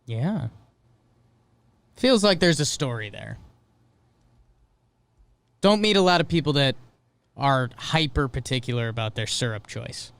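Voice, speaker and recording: A man co-hosts a podcast, chatting casually and curiously, often musing aloud and asking questions. His voice is smooth and resonant at a middle pitch. The studio sound is dry and close. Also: expressive, unhurried, long pauses, fairly bright tone, dry recording. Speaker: podcast co-host. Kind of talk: casual chat.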